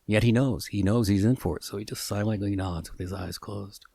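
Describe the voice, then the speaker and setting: A man telling an improvised story in a halting, earnest way with many restarts. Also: fairly low pitch, vocal fry, warm tone, husky, no echo.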